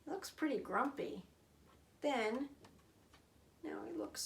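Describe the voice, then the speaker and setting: A woman reading a picture book aloud to children in an expressive, sing-song way. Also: high-pitched, slow pace, creaky, pauses often. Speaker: storyteller.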